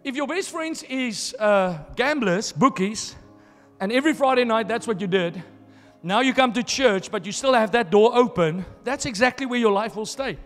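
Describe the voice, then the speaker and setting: High-voiced male pastor preaching in a hall. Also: animated, normal speed, fairly bright tone, soft background music. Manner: emphatic preaching, repeating phrases for stress. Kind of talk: sermon. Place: church hall.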